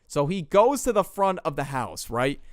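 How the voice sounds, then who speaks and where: A young man telling a story in casual, slangy narration, acting out the people in it with quick voice changes. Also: a little high, dry recording, studio quality. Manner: animated, slangy, acts out quotes in shifting voices.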